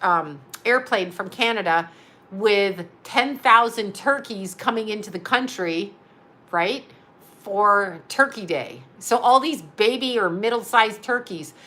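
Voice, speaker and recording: A woman's voice: mid-range voice, animated, slow, bright, forceful tone. A middle-aged woman rambling through a casual storytelling monologue as host, chatty, laughing often and acting out what others said.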